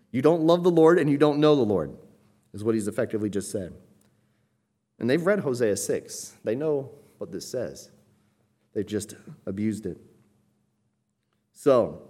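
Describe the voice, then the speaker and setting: A man's voice: on the low side, a little mellow. Man teaching a Bible lesson. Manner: explanatory, emphatic, quotes commentators.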